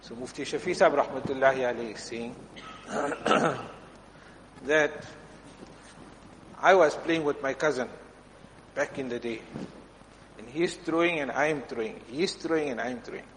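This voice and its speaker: A man preaching a sermon to a congregation, telling anecdotes and often clearing his throat. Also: medium pitch, measured pace, pauses often, a bit bright. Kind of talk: sermon with storytelling. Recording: reverberant hall with faint background noise.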